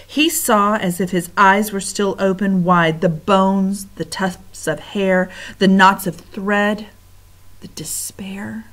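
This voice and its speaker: Woman reading a kids book out loud, slow, bright, drops to whispers. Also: medium pitch. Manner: slow, expressive, dropping to whispers. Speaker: reader of a children's book. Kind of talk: storybook read-aloud.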